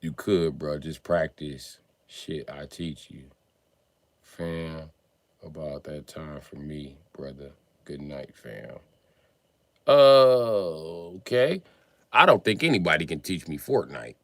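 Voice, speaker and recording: A man's voice: very deep voice, big pitch swings, takes it slowly, fairly bright tone, no room sound. A man in his forties chatting casually on a livestream, answering viewers with profane, slangy, joking banter. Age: 40s.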